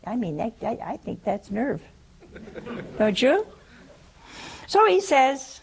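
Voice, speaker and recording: An older woman preaching a sermon, humorous and animated, acting out the quotes she tells. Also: fairly high pitch, slow, gravelly, long pauses.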